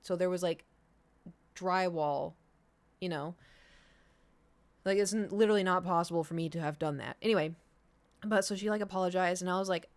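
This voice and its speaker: Chatty young woman with a lowish voice. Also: a little fast, long pauses, clear, resonant tone. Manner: rambling storytelling, lots of "like" and "you know". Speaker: streamer. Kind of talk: casual chat.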